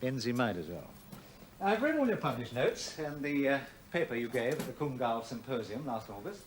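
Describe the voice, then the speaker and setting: A coolly ironic university official, played by a man, who probes with measured, dry insinuation. His pitch moves in lively swings. A faint hiss runs underneath. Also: natural voice. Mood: probing. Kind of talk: 1980s television drama.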